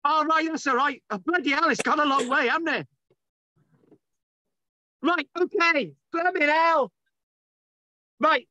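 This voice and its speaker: A man's voice: very high voice, a little slow, pauses often, pushed and bright, no room sound, dull audio. A man giving a casual online lecture, exasperated and bantering, swearing often.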